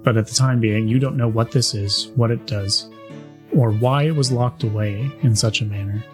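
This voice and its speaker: A man's voice: fairly low pitch, steady tone, normal speed, faint music behind. Male game master, wry, easygoing narration of a tabletop session.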